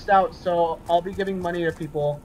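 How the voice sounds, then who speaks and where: A man's voice: sits high, fairly even intonation, fairly quick, poor audio. A young man hosting a casual gaming chat over a voice call, rambling with lots of fillers and restarts. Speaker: host.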